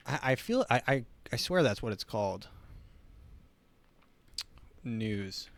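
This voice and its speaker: A man's voice: medium pitch, big pitch swings, fairly quick, gravelly. A man hosting a casual solo talk show, rambling with many restarts. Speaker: host.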